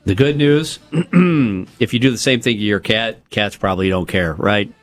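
A man's voice: on the low side, soft background music. Chatty male radio co-host. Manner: chatty, reads news items with quick asides. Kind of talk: casual morning radio chat. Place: radio studio.

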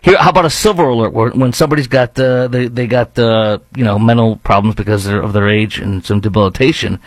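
A man's voice: mid-range voice, fairly quick, no echo, poor audio. A man with a Chicago accent hosting a talk radio show, delivering a rambling, opinionated monologue and arguing with imagined objections.

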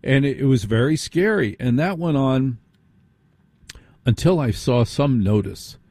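A man's voice: mid-range voice, animated, measured pace, a little mellow, no echo, clean studio sound. A man hosting a late-night radio talk show, speaking conversationally, repeating phrases for emphasis and asking listeners rhetorical questions. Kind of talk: radio monologue. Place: radio studio.

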